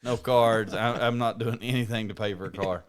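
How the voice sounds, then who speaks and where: A man with a low, smooth voice co-hosts a podcast. He rambles through his plans in loose, profanity-laced chat. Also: fairly even intonation, moderate pace. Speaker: podcast co-host. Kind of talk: casual chat.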